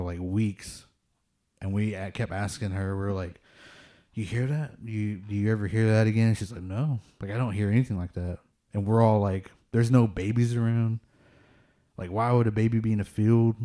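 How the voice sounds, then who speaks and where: His lowish voice is warm, fairly even in intonation, and moves at a normal speed. The man casually relates ghost encounters, drifting along with many fillers and nervous laughs when the tension builds.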